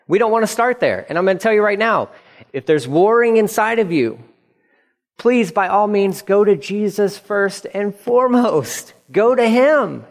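Middle-aged man, pastor, earnest sermon delivery with repeated phrases, a touch high-pitched, echoing sanctuary. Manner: earnest, repeats phrases for emphasis, acts out quoted dialogue. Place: church sanctuary. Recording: long reverb of a church hall.

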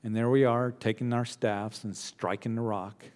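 A man preaching a sermon as pastor, earnest, dropping to hushed tones and then rising to emphatic points. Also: medium pitch, fairly even intonation, moderate pace, big-room sound.

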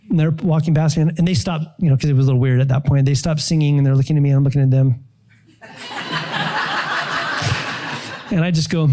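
A middle-aged man preaching a testimony from the pulpit, his voice mellow and relaxed. He tells his story with animated storytelling, acting out his own prayers and surprise. He sits a little higher in pitch than most men. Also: brisk, pauses often. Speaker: pastor. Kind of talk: sermon testimony.

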